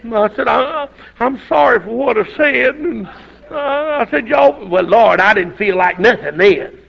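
An older man, preaching a folksy, animated storytelling sermon that breaks into shouted outbursts. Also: very high voice, moderate pace, vocal fry, breathy edge, dull audio.

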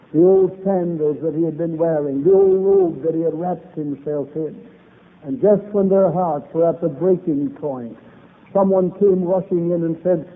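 A man preaching a revival sermon, opening with a prayer, in an old-fashioned preaching cadence with biblical phrasing. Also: a little high. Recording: tinny phone-like old recording.

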